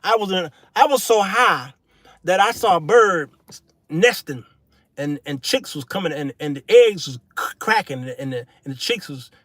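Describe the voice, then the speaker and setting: Animated, high-voiced male host. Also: moderate pace, no room sound, studio quality. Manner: preachy, then comic storytelling with shouted punchlines; folksy, casual speech. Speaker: show host. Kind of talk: solo commentary monologue.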